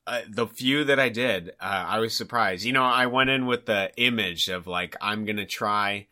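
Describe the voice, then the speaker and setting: Bright-voiced man telling a lively story. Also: lowish voice, moderate pace. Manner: animated storyteller, heavy use of "like", acts out quoted people. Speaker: podcast co-host. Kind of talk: casual chat, telling an anecdote.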